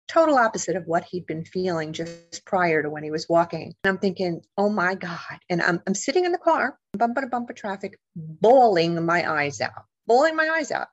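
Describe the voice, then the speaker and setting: A middle-aged woman, a guest author and paranormal investigator, telling a personal story in an animated, emotional way, acting out the voices of the people in it. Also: medium pitch, no room sound. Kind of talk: storytelling in a podcast interview.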